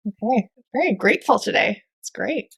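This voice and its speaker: A woman with a strongly gravelly, fry-heavy voice reads out listener questions at a steady pace. Between questions she drops in short, friendly remarks. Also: on the high side, moderate pace. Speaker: co-host reading listener questions. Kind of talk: reading questions, casual chat.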